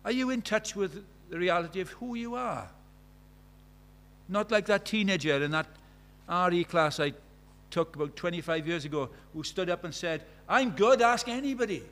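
Animated Welsh preacher, fairly high voice. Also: male voice, moderate pace. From Wales. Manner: animated, swings from loud declaring to hushed asides. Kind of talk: sermon.

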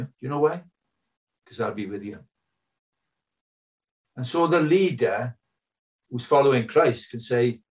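A man's voice: medium pitch, far from the mic, rough recording. An older man preaching a sermon, earnest and full of rhetorical questions.

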